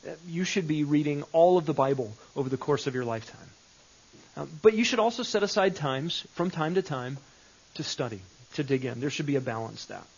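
Husky man teaching a Bible study. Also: on the high side, lively intonation, fairly quick. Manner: conversational, repeats phrases with shifting emphasis. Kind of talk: live teaching session. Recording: dull lo-fi recording.

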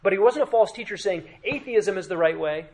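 A male pastor delivering a sermon in a fairly high voice. He preaches with emphasis, sinks to a hush for weight, and puts rhetorical questions to his listeners. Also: lively intonation, fairly quick. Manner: emphatic preaching with dramatic drops to quiet.

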